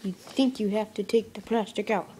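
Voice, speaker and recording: A woman's voice: mid-range voice, steady tone, moderate pace, mellow, slight background noise. Rambling young woman unboxing a case. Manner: rambling and self-mocking, dropping to mutters and whispers. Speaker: product unboxing vlogger. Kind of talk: casual unboxing commentary.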